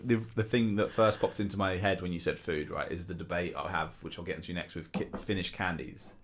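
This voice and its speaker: A man's voice: deep voice, fairly quick, fairly bright tone. A British man co-hosting a podcast, telling rambling stories in casual chat and acting out the people he quotes. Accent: British English. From Britain. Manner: rambling storyteller who acts out quoted people. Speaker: podcast co-host.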